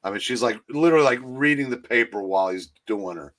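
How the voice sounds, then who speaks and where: A man co-hosting a casual movie talk stream, rambling and halting with many restarts, talking into a streaming call mic. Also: medium pitch, animated, a bit bright. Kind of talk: casual chat.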